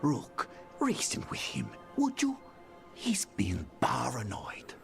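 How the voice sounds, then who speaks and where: An actor playing a calm, persuasive male noble of an assassin guild in a video game. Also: medium pitch, takes it slowly, vocal fry, full character voice. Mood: coaxing. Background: faint game music.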